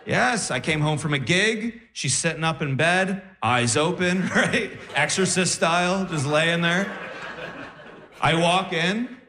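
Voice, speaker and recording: Young man, stand-up comic, animated, higher voice, roomy club sound. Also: slow pace. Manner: animated, jumping into squeaky high voices for punchlines. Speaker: stand-up comedian. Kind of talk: stand-up comedy. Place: comedy club stage.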